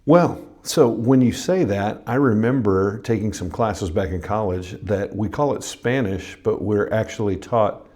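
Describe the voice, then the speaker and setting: A man hosting a pastors' podcast, asking his guest questions in a relaxed, joking way. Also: fairly low pitch, unhurried, hardly any pauses. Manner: asks questions, jokes easily. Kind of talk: interview-style podcast conversation.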